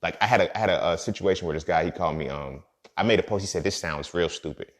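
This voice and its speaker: Low-voiced man with a profane streetwise manner. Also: very fast. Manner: streetwise, profane, repeats "you feel me". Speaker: podcast host. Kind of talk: casual monologue.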